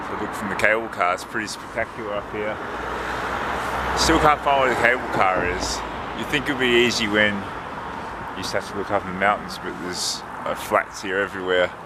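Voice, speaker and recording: Male travel vlogger, low voice, relaxed and chatty, filming himself outdoors on a windy day. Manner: relaxed, chatty, thinking aloud. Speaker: travel vlogger and marathon runner. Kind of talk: casual walking vlog narration. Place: outdoors on a windy lakeside and hillside town. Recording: outdoor recording with wind and traffic noise.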